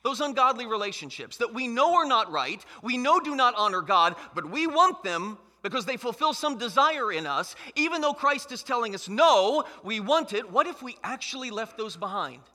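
A man's voice: very high voice, very animated, moderate pace, hardly any pauses, sharp tone. A man preaching a sermon as pastor, emphatic and conversational, in a church hall. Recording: long hall reverb.

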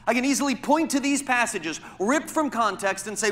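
A pastor delivering a sermon speaks in a high, bright voice with lively intonation, at a moderate pace with few pauses. He drives home his points with pointed rhetorical questions, his words echoing through a large hall with long reverb.

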